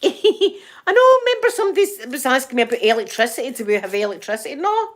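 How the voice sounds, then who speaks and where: A woman's voice: sits high, sing-song, fast. Chatty Scottish woman, middle-aged. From Scotland. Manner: chatty, rambling, laughs often. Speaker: ASMR channel host. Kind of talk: casual chat to viewers.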